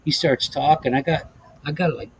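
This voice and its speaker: A man's voice: a little high, moderate pace, breathy edge, poor audio. A man hosting a casual podcast, telling profane, laughing stories about driving a bus, with lots of restarts. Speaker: podcast host, former bus driver. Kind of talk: casual chat, storytelling.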